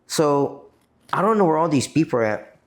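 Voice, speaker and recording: A man's voice: a little high, lively intonation, moderate pace. A man from Guam, a podcast guest, telling a long profane story in a rambling, casual way. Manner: profane, rambling, repeats "you know what I mean".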